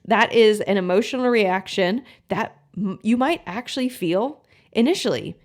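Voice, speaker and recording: A woman's voice: medium pitch, animated, moderate pace. A woman health coach giving a motivational talk to viewers, encouraging and using everyday examples. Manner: encouraging, uses homely examples and acts out inner thoughts.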